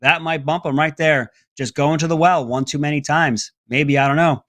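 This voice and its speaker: A man's voice: steady tone, moderate pace, fairly bright tone, dry recording. A man hosting an opinionated political commentary segment, talking in a mocking, sarcastic way. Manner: mocking, breaks into high mimicking voices.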